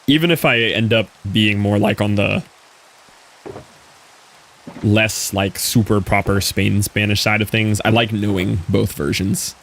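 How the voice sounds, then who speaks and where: A man's voice: fairly low pitch, fairly even intonation, unhurried, creaky, fairly bright tone, slight background noise. A man streaming a game, chatting casually with viewers and answering their messages as he plays. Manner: chatty, answers chat, thinks aloud. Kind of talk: casual live-stream chat while gaming.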